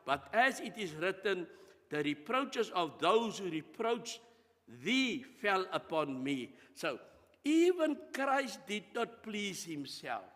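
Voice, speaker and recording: A man preaching a sermon in a church, animated and emphatic, with dramatic rises and drops in his voice. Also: high-pitched, takes it slowly, long reverb tail.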